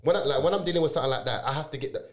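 A young man in casual podcast chat, using slang and lots of quick agreeing fillers. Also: on the high side, echoey room.

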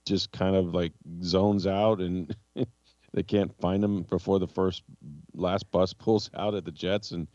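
Low-voiced male reporter co-host, dry and slightly dull sound, animated and exasperated. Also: takes it slowly, no echo. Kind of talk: casual sports talk.

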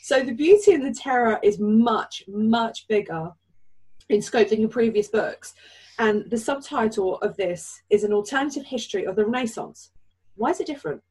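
A woman's voice: on the high side, moderate pace, darkish tone, slightly rough, rough recording. A woman co-hosting a podcast, asking questions and giggling in casual chat. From Poland. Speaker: podcast co-host.

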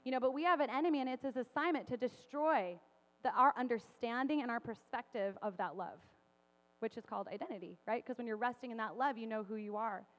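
A woman in her thirties giving a casual, chatty sermon, full of fillers and quick laughs. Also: a little high, fairly bright tone. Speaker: preacher. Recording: long hall reverb.

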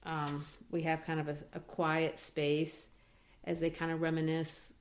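A woman teaching literature in a lively way, discussing a play and acting out its quoted lines. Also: low voice, unhurried. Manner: animated, acts out quoted lines.

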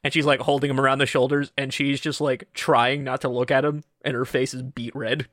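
A man narrating a tabletop game as game master, casual and halting, often laughing. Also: mid-range voice, level tone, fairly bright tone, dry recording, clean studio sound.

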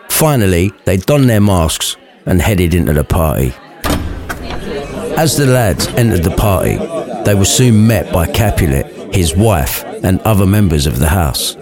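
A man's voice: sits low, big pitch swings, a little slow, a little mellow, faint music behind, some chatter behind. Cheeky man telling a rude story. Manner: crude, cheeky asides. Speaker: narrator. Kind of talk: comic storytelling.

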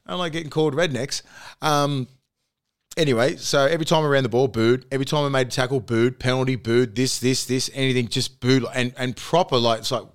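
In a recording studio, an Australian-accented podcast host tells a story during casual chat, swearing and laughing as he goes in an animated way. His mid-range voice is brisk with a clean tone.

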